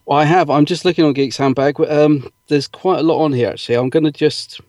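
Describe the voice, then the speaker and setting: A man's voice: on the high side, steady tone, fairly quick, a little mellow, no room sound, studio quality. A man co-hosting a podcast, casually reading out listener comments with lots of fillers and easy laughs. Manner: chatty, filler-heavy, laughs easily. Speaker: podcast co-host.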